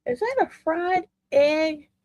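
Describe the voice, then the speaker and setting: A woman with a Southern US accent hosting a casual reaction show, sassy and quick to laugh. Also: very high-pitched, no echo. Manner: sassy, animated, laughing often. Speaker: host reacting to videos.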